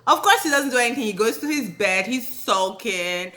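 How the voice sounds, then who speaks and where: Animated, bright-voiced woman ranting. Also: fairly high pitch, moderate pace. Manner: animated, indignant, slangy commentary. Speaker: reality TV recap vlogger. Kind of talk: casual rant.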